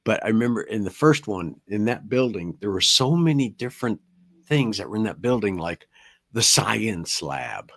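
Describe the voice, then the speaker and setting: Older male co-host, lower voice, pauses while recalling trivia. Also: lively intonation, gravelly. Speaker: podcast co-host. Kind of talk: casual chat.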